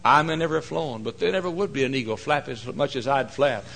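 Brief: emphatic male pastor, bright and forceful tone, folksy sermon delivery. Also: mid-range voice, lively intonation, fast talker, vocal fry. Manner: folksy, emphatic, swings into loud cries.

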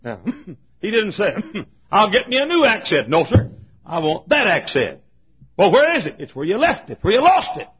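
An older man preaching a fervent sermon as pastor, swinging from shouted exhortation to low, quiet asides. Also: wildly swooping pitch, normal speed, breathy edge. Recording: dull lo-fi sermon recording.

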